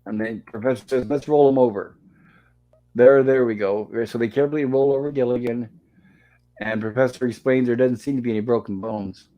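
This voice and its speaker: A man's voice: medium pitch, fairly even intonation, a little fast, lo-fi sound. A man hosting a live stream, chatting casually and reading dialogue aloud with little acting. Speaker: host of a live-streamed show. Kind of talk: casual episode recap, reading lines aloud.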